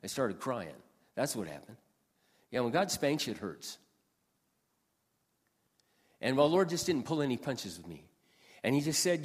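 A man's voice: medium pitch, very animated, a little slow, pauses often, husky. A man in his sixties giving an earnest sermon as pastor, repeating lines for emphasis. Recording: long hall reverb.

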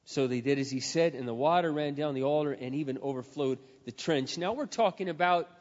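Speaking a little fast, a man with a high voice preaches, telling a scripture story with drama and sinking from loud sections into whispered asides. His voice echoes through a long hall on a dull, lo-fi recording.

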